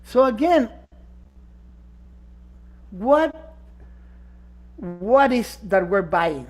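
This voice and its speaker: A man's voice: high-pitched, darkish tone. A man co-hosting a casual podcast discussion, talking emphatically and rhetorically, sometimes searching for words. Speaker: podcast co-host. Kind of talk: casual chat.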